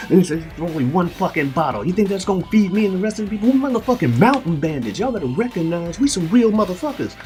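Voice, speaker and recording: A man's voice: mid-range voice, lively intonation, normal speed, darkish tone, soft background music, voice pushed up, natural voice. A man voicing a swaggering, profane male mountain bandit boss who bullies and brags. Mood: angry bragging.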